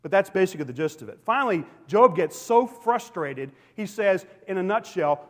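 A male pastor preaching a sermon in a church, emphatic and swinging between loud declarations and hushed, quiet lines. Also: sits high, animated, moderate pace, hardly any pauses. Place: church sanctuary. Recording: long hall reverb.

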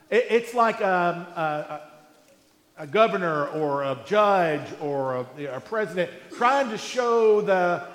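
A man's voice: high-pitched, fairly bright tone. Chatty pastor guy preaching, keeps asking does that make sense, big echoey church. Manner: conversational, rhetorical questions, frequent restarts. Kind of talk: sermon. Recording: echoey hall.

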